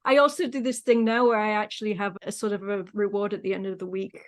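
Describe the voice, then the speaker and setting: British woman guest on a podcast, relaxed and chatty, mid-pitched voice. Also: fast. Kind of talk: casual interview chat.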